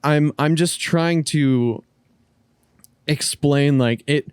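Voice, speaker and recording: A man's voice: on the high side, extremely slow, a little mellow, smooth, dry recording. A man co-hosting a casual podcast, rambling through his point with frequent restarts and casual swearing. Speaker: podcast co-host.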